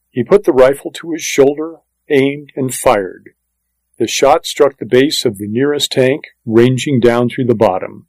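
A man giving scripted audiobook narration in a steady, even storytelling delivery. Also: mid-range voice, measured pace, no room sound, low-quality recording.

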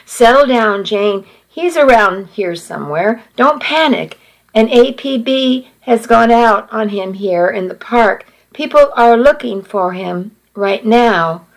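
A woman reading the lines of a calm, gentle man who steadily reassures a frightened mother. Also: fairly high pitch, slow pace, creaky, heavily acted, poor audio. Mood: reassuring. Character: calm, gentle adult man, a park worker.

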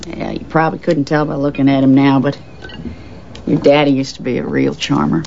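A woman's voice: very deep voice, little pitch movement, fairly quick, vocal fry, darkish tone, dull audio, a little hiss or hum. An actress playing a blunt, plain-spoken middle-aged mother of a grown son, heard in a film clip.

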